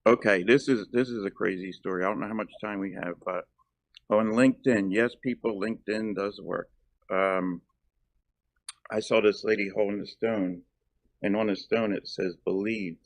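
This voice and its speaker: A middle-aged man from South Jersey tells stories as an interview guest. His voice is very low with a gravelly edge, and he wanders through his answers with many fillers. The sound is dry and close. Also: steady tone, normal speed, no echo. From South Jersey, USA. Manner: rambling, lots of ums and uhs. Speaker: actor and former firefighter, guest. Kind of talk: casual interview chat.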